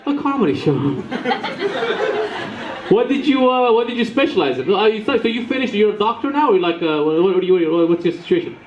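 A man from Romania doing crowd work in a comedy club, teasing the audience with quick banter. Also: high voice, expressive, noisy background. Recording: echoey room, dull sound, crowd laughter.

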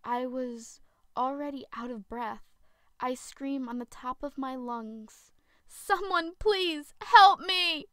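A woman narrating a first-person horror story in a dramatic, slow storytelling way. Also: a little high, dry recording.

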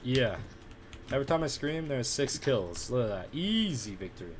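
A young man in casual gaming banter with a friend, loud and excitable, breaking into shouts and laughs. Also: medium pitch, normal speed, a loud crowd. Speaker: gamer on voice chat.

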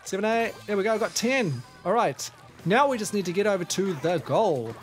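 Man, New Zealand accent, high voice, excitable gameplay commentary, game music behind. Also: normal speed. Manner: excitable, exclaims often, self-deprecating asides. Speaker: gaming YouTuber. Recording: game music playing underneath.

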